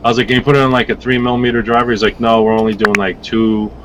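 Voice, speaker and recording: A man tells a story in casual chat, his pitch in the middle of the range. He swears freely and acts out the quoted lines of other people. A faint hiss of noise sits behind his voice. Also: racing. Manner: profane, animated, acts out quoted dialogue. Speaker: vape reviewer guest.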